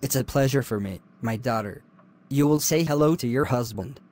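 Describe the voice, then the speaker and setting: A man voicing a stern, moralizing father in an animated drama, solemn and lecturing. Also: mid-range voice, normal speed, a little hiss or hum, natural voice.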